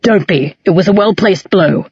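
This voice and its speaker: A woman voicing a loyal werewolf man, second of his pack, in a growling, flat voice, from an audiobook reading. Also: on the low side, moderate pace, breathy edge, no room sound. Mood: firm. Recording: dull lo-fi audiobook recording.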